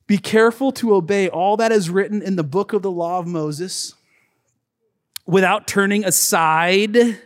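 A man preaching a sermon as pastor, telling a lively story and acting out the people in it before moving into scripture. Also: high-pitched. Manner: animated storyteller, acts out quotes, bursts into shouts. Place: church sanctuary. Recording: long hall reverb.

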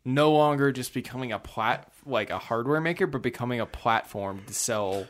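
A man's voice: medium pitch, normal speed. A man co-hosting a casual podcast, explaining things and getting heated over pronunciation. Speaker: podcast co-host. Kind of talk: casual chat.

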